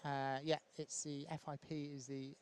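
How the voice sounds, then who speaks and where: A man's voice: a little high, moderate pace, a little hiss or hum. Chatty man commentating a padel match. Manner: relaxed, chatty, with frequent ums and laughs.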